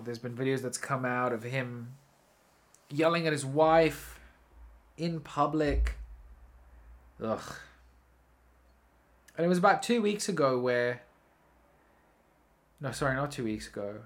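A man hosting a solo podcast, telling a story in a rambling, casual way, swearing freely and often correcting himself. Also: medium pitch. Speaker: podcast host.

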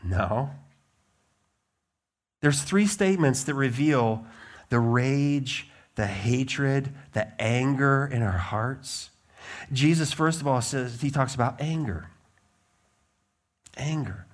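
A middle-aged man preaching a sermon as pastor, swinging from loud emphatic declarations to quiet conversational asides. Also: mid-range voice, animated, slow pace, long pauses.

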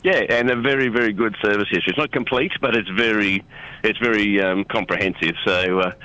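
An Australian man on a radio show with a bright, forceful voice. He is chatty and quick to laugh, and he rolls into easy salesman patter while listing a car's features. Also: lowish voice, no room sound, low-quality recording. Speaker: radio show regular, car seller. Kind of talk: casual radio chat.

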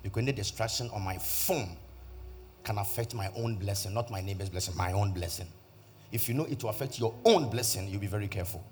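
A man's voice: mid-range voice, slight background noise. A man, preaching a testimony sermon as pastor and driving points home by repeating them. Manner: emphatic, repeats key phrases.

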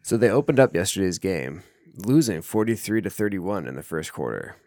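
Casting note: gravelly, lower-voiced man with lively pitch, wry sports podcast co-host. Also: fairly quick, dry recording, clean studio sound. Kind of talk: casual sports chat.

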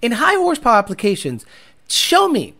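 A man talking casually on a livestream as a performance car tuner, blunt and animated, swearing freely. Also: very high-pitched, brisk.

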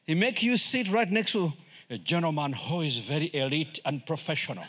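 Casting note: man, English not his first language, fiery guest preacher, high and swooping delivery. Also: moderate pace. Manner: animated, acts out voices and laughs often. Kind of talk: sermon.

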